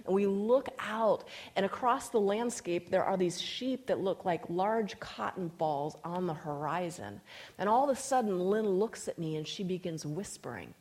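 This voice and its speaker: A woman's voice: lowish voice, animated, normal speed, a little mellow. A woman preaching a sermon, telling a personal story and reading scripture aloud with emphasis. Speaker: speaker.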